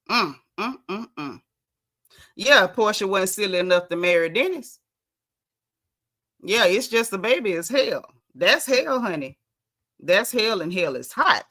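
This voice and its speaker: A woman's voice: medium pitch, unhurried, long pauses. Sassy woman recapping reality TV. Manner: sassy, animated, mimics cast members' quotes. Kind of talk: casual reality TV recap chat.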